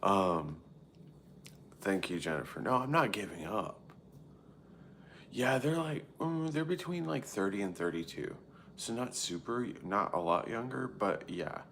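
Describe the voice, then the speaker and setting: A man in his late thirties talks live to his viewers, low-pitched and full of vocal fry. He rambles candidly, swears often and leans on "like" as a filler, with a faint hiss under the voice. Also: fairly bright tone. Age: 30s. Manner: frequent filler "like" and self-interrupting. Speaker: live streamer. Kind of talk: casual chat answering viewers.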